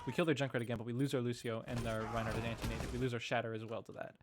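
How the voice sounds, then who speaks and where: A man's voice: mid-range voice, level tone, rapid-fire. A man coaching as he reviews team match footage, thinking aloud in a casual, analytical way with frequent restarts. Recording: noticeable background noise.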